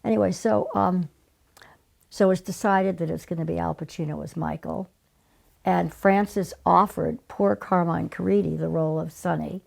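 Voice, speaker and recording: An older woman, a casting director appearing as a guest, tells stories with lively energy in a relaxed interview. Her voice is deeply gravelly and rough-edged, lower than most women's, and she acts out the people she quotes by slipping into their voices.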